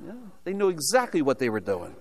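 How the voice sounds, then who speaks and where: Older American man preaching, rather high voice. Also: huge pitch swings, fairly quick, a little mellow. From United States. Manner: storytelling, humorous asides, rhetorical questions. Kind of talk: sermon with personal testimony.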